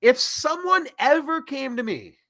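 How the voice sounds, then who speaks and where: A man's voice: very high voice, animated, measured pace, fairly bright tone. A man in his thirties hosting a political commentary show, rambling and sarcastic, with mocking asides. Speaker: host.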